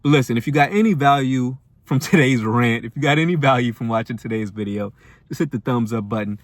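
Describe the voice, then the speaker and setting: A man's voice: medium pitch, quick pace, no room sound. A man hosting a commentary channel, delivering a firm, preachy reaction rant. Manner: firm, preachy, building emphasis.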